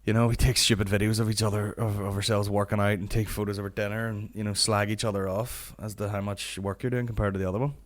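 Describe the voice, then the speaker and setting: A man's voice: on the low side, flat delivery, quick pace, few pauses. A Northern Irish man in his late twenties, hosting a podcast with a sweary, ranting comic monologue. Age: late 20s. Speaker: podcast host.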